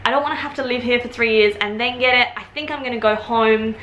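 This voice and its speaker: A woman in her twenties from Australia, with an Australian accent softened by British influence, chatting casually to camera at home in a rambling way with quick asides. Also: fairly high pitch, reverberant, dull audio, a little hiss or hum. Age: 20s. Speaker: vlogger. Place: at home, indoors.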